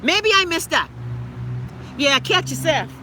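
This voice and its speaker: A woman's voice: very high-pitched, big pitch swings, slow, noisy background. A middle-aged woman with a Bahamian accent hosting a casual live stream, blunt and profane as she rants and reads comments. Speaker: live-stream host reading viewer comments.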